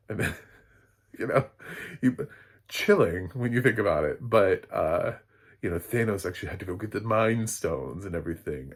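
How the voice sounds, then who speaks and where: Low husky-voiced man reviewing TV. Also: animated, normal speed. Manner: rambling, loose and chatty, lots of fillers and chuckles. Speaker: film critic. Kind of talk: casual spoken TV recap.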